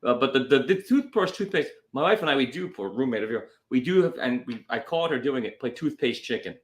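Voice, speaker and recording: A man's voice: mid-range voice, animated, fairly quick. Married guy on a comedy podcast, dry and wry, voice rising and falling a lot. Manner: wry, storytelling, dry jokes. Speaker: podcast co-host. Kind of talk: casual comedic chat.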